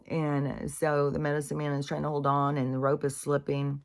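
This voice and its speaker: A woman's voice: deep voice, completely flat delivery, moderate pace, hardly any pauses. A woman in a casual spiritual monologue, speaking candidly, swearing freely and restarting her sentences.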